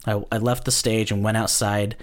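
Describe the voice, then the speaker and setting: A man's voice: fairly low pitch, level tone, normal speed. A man who does stand-up, telling a story in casual chat, laid-back and self-deprecating, chuckling often. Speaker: stand-up comedian, guest.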